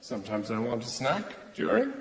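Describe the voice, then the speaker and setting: Exasperated rambling stand-up man, lively pitch. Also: normal speed, very noisy. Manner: rambling, exasperated, mock-indignant. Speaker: stand-up comedian. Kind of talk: stand-up routine. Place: large theatre stage before a live audience. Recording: echoey hall with audience laughter.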